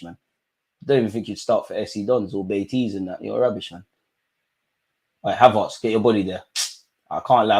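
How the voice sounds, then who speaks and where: A man reacting live to a football match, talking at players and the referee, swinging from low mutters to excited shouts. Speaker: football fan streamer.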